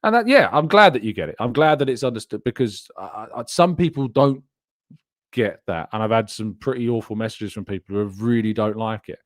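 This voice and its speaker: A man's voice: mid-range voice, expressive, a little fast, no echo. Chatty man, dry close sound. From England. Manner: chatty, rambling, laughs often. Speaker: podcast host. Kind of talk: live-stream chat, reading viewer comments.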